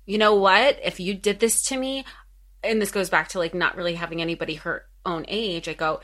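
A woman co-hosting a podcast, chatting casually and telling things in an expressive way. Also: fairly low pitch, brisk. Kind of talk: casual chat.

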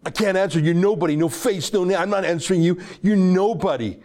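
A man's voice: sits high, brisk, a little mellow, lightly acted. A man putting on a mocking voice of a male TV interviewer, with an exaggerated delivery. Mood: contemptuous.

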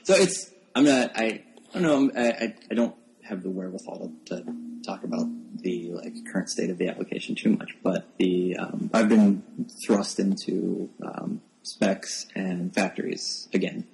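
A low-pitched man with a gravelly texture talks as a guest on a tech podcast. He speaks close to his microphone and often stumbles and restarts his sentences. He is wry and self-deprecating about his work. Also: moderate pace, darkish tone, a little hiss or hum, poor audio. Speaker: podcast guest, software developer. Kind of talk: casual tech podcast chat. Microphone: new close microphone.

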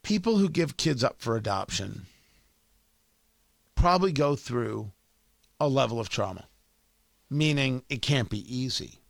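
A man's voice: medium pitch, animated, unhurried, gravelly, long pauses, no room sound. A man hosting a political commentary show, delivering an opinionated, sarcastic monologue with emphatic repetition.

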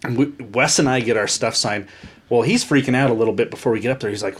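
A man's voice: mid-range voice, fast, slightly rough. A man co-hosting a podcast, telling a funny anecdote and acting out the people in it. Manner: animated anecdote teller, acts out voices. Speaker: podcast co-host. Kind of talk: casual storytelling.

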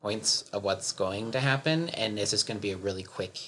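A man's voice: fairly low pitch, a little fast, a bit bright, a little hiss or hum. A young man co-hosting a casual movie podcast, musing aloud and chuckling. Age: young adult. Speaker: podcast co-host. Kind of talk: casual chat.

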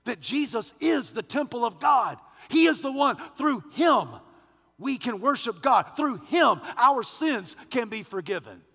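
High-voiced preaching man, gravelly and bright. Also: lively intonation, a little slow, long reverb tail. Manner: preaching with rising fervor, calls and responses. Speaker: pastor. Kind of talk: sermon.

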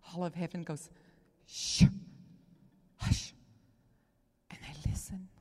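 A woman from Texas, preaching an emotional sermon, moving between loud proclaiming and hushed whispers. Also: mid-range voice, creaky. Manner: emotional, near tears. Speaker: guest preacher. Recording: long hall reverb.

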